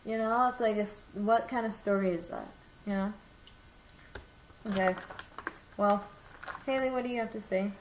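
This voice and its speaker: A woman's voice: mid-range voice, moderate pace, long pauses. A young woman chatting casually with a friend, telling a rambling story with lots of animation. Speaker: vlogger. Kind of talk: casual chat. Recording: echoey room with faint noise.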